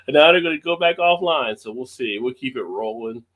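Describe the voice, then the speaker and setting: A man's voice: mid-range voice, fairly bright tone. A man hosting a casual live stream, greeting viewers by name and laughing often. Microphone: webcam close up.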